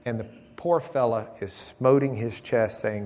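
A man delivering a sermon in a relaxed, folksy manner. He tells a joke and then shifts between rising emphasis and hushed, close reflection. His voice sits in a middle pitch. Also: measured pace. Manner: folksy, tells jokes, swings from loud emphasis to quiet. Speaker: preacher.

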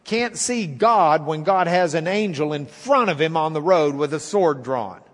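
A man's voice: high-pitched, animated, unhurried, hardly any pauses, big-room sound. A male preacher retelling a story in a folksy, wry, conversational sermon.

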